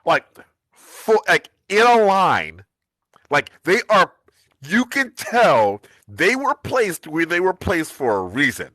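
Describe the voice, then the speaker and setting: A man from the United States chatting casually on a live stream as co-host, telling animated family stories and laughing often. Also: fairly high pitch, takes it slowly, no room sound.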